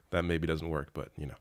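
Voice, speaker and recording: A man's voice: a bass voice, pushed and bright, dry recording. A man hosting a live show, chatting casually and reading viewer comments in a rambling way, laughing often and swearing freely.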